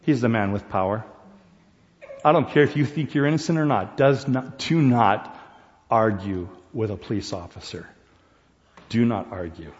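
A man's voice: fairly low pitch, moderate pace, pauses often, a little hiss or hum. A man preaching a sermon, talking to the congregation in a conversational way and asking them questions. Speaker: pastor. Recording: dull recording with long hall reverb.

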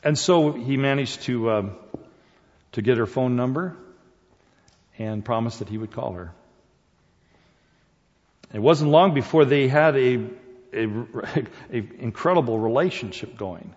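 Male speaker, folksy and animated, talks straight to the crowd; muffled recording with long hall echo. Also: mid-range voice. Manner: folksy, halting, animated, addresses audience directly. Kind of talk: storytelling to an audience. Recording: dull sound in reverberant hall.

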